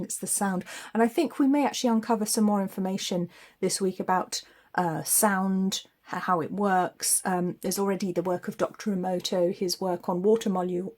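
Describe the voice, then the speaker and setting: A woman's voice: fairly low pitch, a little mellow. A woman giving a weekly psychic tarot forecast in a chatty, spiritual way, laughing often.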